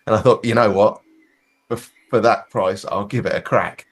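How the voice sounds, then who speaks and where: A man's voice: lowish voice, moderate pace. A Scottish man co-hosting a casual hobby podcast, chatting over a call with frequent restarts and casual swearing. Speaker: podcast co-host. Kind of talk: casual chat.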